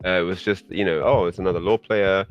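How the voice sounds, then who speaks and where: A man guest on a podcast, telling a story in a casual, animated way and laughing often. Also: fast, lo-fi sound, soft background music. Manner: animated, laughing, rising pitch when excited.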